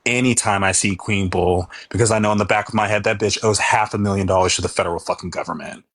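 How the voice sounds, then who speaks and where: A man with a somewhat low voice gives casual commentary, mocking and swearing freely. The recording is dry and close, with no room sound. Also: fairly even intonation, fast talker, a bit bright, no echo. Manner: mocking and profane.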